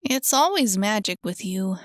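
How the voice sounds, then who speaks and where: A woman's voice: medium pitch, lively intonation, unhurried, dry recording, studio quality, close to an everyday voice. A woman voicing a whiny younger brother who complains about losing a game. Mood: grumbling.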